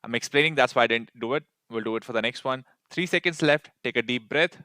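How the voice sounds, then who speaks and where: Brisk young man giving exam tips. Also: medium pitch, sharp tone. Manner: direct, coaching, repeats key advice. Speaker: test-prep tutor. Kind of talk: instructional tips to camera.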